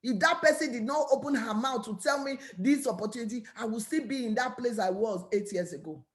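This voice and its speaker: Woman, Nigerian English accent, high voice, energetic, preachy, repetitive, motivational talk. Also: brisk. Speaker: network marketing business owner.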